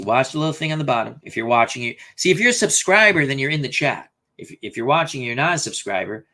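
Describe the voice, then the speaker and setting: A man's voice: medium pitch, a bit bright. A man hosting a casual live stream, thinking aloud and reading out viewer comments. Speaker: host.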